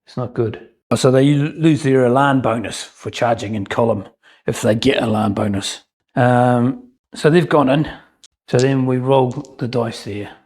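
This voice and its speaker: Husky man narrating a tabletop battle. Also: mid-range voice, darkish tone, low-quality recording. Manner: chatty, self-mocking asides, frequent ums. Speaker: wargamer narrating a battle report. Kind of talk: casual game commentary.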